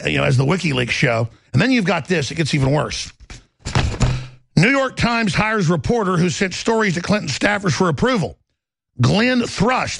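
A man rants through political commentary as a talk show host, angry and mocking. His voice sits high and swings wildly in pitch, with a gravelly edge. The studio sound is dry and close. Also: no echo. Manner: angry, mocking, shouting rants with sneering impressions.

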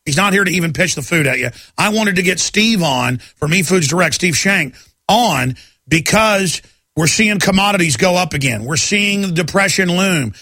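Man, radio host, emphatic rant, dry studio sound, raised pitch. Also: animated, normal speed, sharp tone, no room sound. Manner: ranting, emphatic, many restarts. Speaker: radio talk show host. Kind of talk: talk radio monologue. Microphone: studio microphone.

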